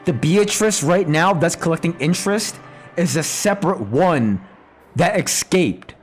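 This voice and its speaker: A man streaming a visual novel playthrough live, theorizing aloud in an excitable, profane way. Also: a little high, a little slow, faint music behind.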